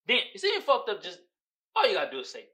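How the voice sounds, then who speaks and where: Young man, podcast host, from the Bay Area, slangy, profane, lively pitch. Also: fast, rough recording. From San Francisco Bay Area. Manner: animated, slangy and profane, laughs often. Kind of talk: casual movie-review rant.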